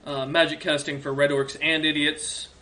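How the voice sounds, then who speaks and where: A man narrating a tabletop game as game master in a relaxed, animated storytelling manner. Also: fairly high pitch, normal speed, slight background noise.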